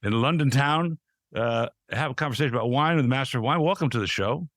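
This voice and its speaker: An American man hosting a podcast interview, chatty and quick to laugh, often restarting his sentences. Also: medium pitch, a bit bright, dry recording, clean studio sound. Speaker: podcast host. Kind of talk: casual interview chat.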